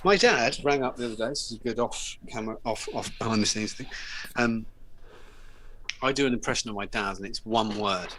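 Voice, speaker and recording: A man's voice: lowish voice, a little fast, fairly bright tone, slight background noise, poor audio. A man with a British accent hosting a show, chatting casually and joking with a laugh. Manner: jokey, laughing banter. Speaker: host. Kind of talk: casual chat.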